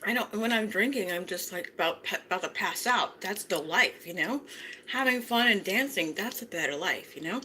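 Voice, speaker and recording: A woman's voice: medium pitch, expressive, moderate pace, pushed and bright, a little hiss or hum, poor audio. A woman vlogger chatting casually as she eats breakfast at home, often humming "mm" between her words. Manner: chatty, savoring food aloud with frequent mm sounds. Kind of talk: casual chat while eating.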